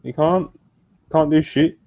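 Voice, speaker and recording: A man's voice: a little high, a little slow, dry recording, lo-fi sound. A British man hosting a wrestling podcast over a remote call, talking in a laid-back way and calling people "bro" and "man". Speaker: podcast host. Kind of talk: casual chat. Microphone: remote streaming call.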